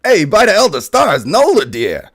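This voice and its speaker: A man voicing a grieving dark elf warrior who declaims in an overwrought way. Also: high-pitched, wildly swooping pitch, moderate pace, voice pushed up, heavily acted. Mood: alarmed.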